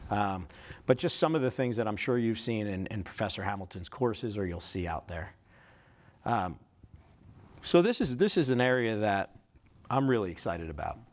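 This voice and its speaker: A man in his thirties giving a casual, conversational talk to law students, often checking in with tag questions and joking at his own expense. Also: on the low side. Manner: conversational, self-deprecating, frequent tag questions. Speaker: career fest speaker.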